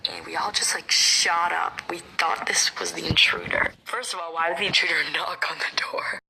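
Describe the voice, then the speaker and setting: A woman telling a personal story in a hushed, often half-whispered, dramatic way. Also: on the low side, fairly even intonation, moderate pace, vocal fry, background noise. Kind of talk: storytime narration.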